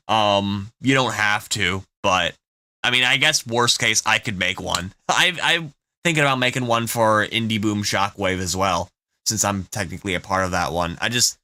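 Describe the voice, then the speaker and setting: A young man chatting as host of a music livestream, stopping and restarting his sentences. His voice is bright and a little low, heard close and dry with no room around it. He sounds loose and unscripted. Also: no room sound. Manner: halting, many restarts and fillers. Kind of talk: casual livestream chat.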